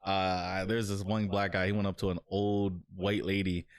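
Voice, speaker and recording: Young male podcast co-host, low voice, loose slangy storyteller. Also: level tone, moderate pace, clear, resonant tone. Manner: slangy, rambling storyteller who acts out quotes. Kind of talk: casual chat.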